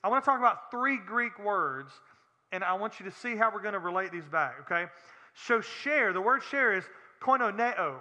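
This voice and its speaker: A man's voice: high voice, animated, moderate pace, bright, forceful tone, long reverb tail. A man preaching a sermon as pastor, earnest and plain-spoken, asking the congregation direct questions.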